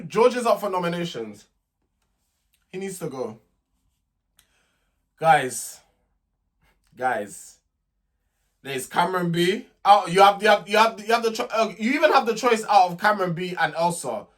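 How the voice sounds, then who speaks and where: A young man with a high, light voice rants through a casual reality TV recap. He is sassy and indignant, often stumbling over and repeating his words as he goes. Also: lively intonation, a little slow, pauses often. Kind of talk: casual vlog commentary.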